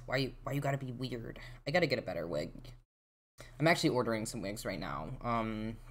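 Profane, chatty young game streamer. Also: medium pitch. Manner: chatty, profane, swears a lot; reacts loudly and excitedly to the game. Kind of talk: casual live-stream chat while gaming.

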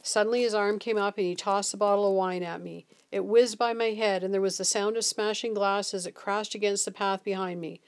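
A woman's voice: mid-range voice, brisk, few pauses. Woman reading a novel aloud. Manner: steady storytelling read. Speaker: reader.

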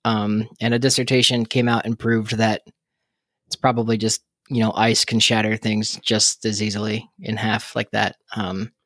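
A man co-hosts a podcast in casual chat, rambling and joking with plenty of fillers and laughs. His fairly low voice is flat, a bit bright, and moderately paced, captured in clean studio sound with no echo.

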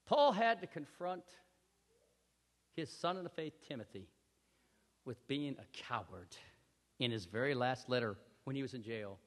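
A male pastor preaching a sermon with animated storytelling, acting out scenes, in a church hall. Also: medium pitch, a little slow, long pauses. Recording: echoey hall reverb.

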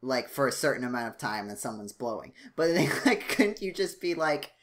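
A young man co-hosting a casual gaming podcast, laughing often and full of halting questions. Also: medium pitch, sing-song, fairly bright tone. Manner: giggly, halting, asks lots of questions. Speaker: podcast co-host. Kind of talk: casual chat.

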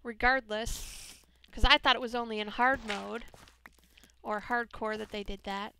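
A woman's voice: fairly high pitch, fairly even intonation, unhurried, gravelly. Foul-mouthed woman gamer, noisy recording. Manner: profane, swears a lot at enemies; mutters under breath, bursts into yelling. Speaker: let's play gamer. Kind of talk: casual gameplay commentary. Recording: constant background noise. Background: mouse clicks.

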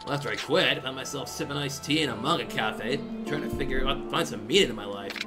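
A man's voice: medium pitch, fast, close to an everyday voice. A man voicing an aimless former comedian who talks bluntly and a little sheepishly, with game music behind.

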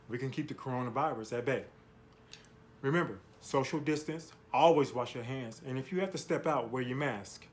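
A man's voice: medium pitch, a little hiss or hum. Brief: man, medium voice, cheerful and straightforward, reeling off advice to fans. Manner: upbeat, list-like advice delivery. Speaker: actor recording a personal video message. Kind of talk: friendly scripted-sounding video message.

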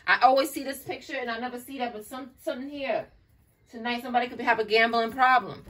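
A woman's voice: a little high, fast talker, a bit bright. Blunt, cussing woman tarot reader, distant mic. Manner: blunt, profane and exasperated, addressing the listener as child. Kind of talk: online tarot reading. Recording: distant mic, faint noise and clicks.

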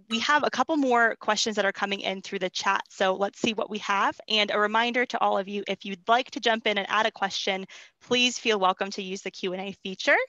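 A woman's voice: mid-range voice, bright, forceful tone, dry recording, highs cut off. A woman hosting a live travel webinar, upbeat and encouraging, reading questions from the chat. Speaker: webinar host. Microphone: video call.

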